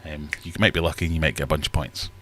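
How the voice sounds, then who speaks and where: Chatty male streamer, deep voice, rambling and self-deprecating. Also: steady tone, rapid-fire, bright, forceful tone. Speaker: livestream host. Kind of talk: casual livestream chat. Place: home fish room.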